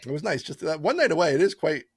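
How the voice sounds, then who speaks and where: A man's voice: fairly high pitch, fast talker, breathy edge, no echo, clean studio sound. A man co-hosting a podcast, telling stories in casual chat and laughing often. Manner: animated storyteller, laughs often. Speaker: podcast co-host.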